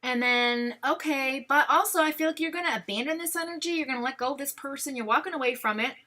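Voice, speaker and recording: Brooklyn lady doing a live tarot reading, kinda high voice, super chatty, lots of likes and you knows. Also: quick pace. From New York. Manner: chatty, animated, lots of fillers. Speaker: tarot reader.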